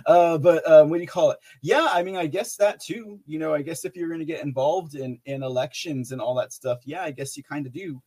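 A male livestream host with a slightly high voice who rambles through viewer comments, stumbling over fillers and restarting his sentences. He reads the chat aloud in a loose, casual way. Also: a little fast, hardly any pauses, dark tone, slightly rough. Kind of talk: casual live-chat talk.

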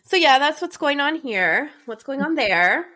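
A woman's voice: high-pitched, expressive, unhurried, sharp tone. A woman in her thirties co-hosting a podcast, chatting casually from a home closet, sounding stuffy from a cold and rambling with many fillers. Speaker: podcast co-host. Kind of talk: casual chat. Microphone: home recording from a closet.

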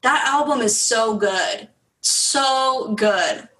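Enthusiastic higher-voiced woman co-host. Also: very slow, pushed and bright, poor audio. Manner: enthusiastic, teasing. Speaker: podcast co-host. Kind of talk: casual chat about music.

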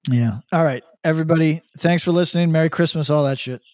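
A man co-hosting a podcast in loose casual chat. His voice sits a little high for a man, and he rambles, swears and restarts his sentences. The sound is dry and close, with no room echo. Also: fast talker, a little mellow. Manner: rambling, profane, many restarts. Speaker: podcast co-host.

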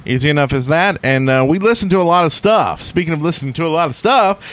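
Male podcast host, lively up-and-down voice, rambling and jokey. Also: on the high side, fast. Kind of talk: casual chat and read ads.

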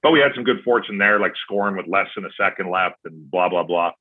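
A man's voice: low-pitched, a little fast, husky. A man, a former hockey player, telling stories in casual chat as a podcast guest and acting out his own past remarks. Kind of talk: casual storytelling. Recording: tinny phone-like sound.

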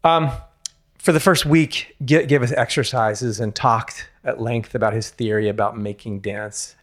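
A man's voice: medium pitch, steady tone, a little slow. A man, a former ballet dancer, telling a candid personal story in an interview, frank and self-mocking, with casual swearing and many restarts.

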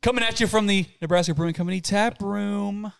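Male podcast host, slightly high voice, playful and laughing, casual chat. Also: fairly quick, creaky, clear, resonant tone. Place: brewery taproom. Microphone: headset.

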